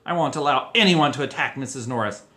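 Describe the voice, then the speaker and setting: A man's voice: mid-range voice, fast, sharp tone, reverberant, natural voice. A man voicing a furious, shrieking old male caretaker who screams in a frantic way.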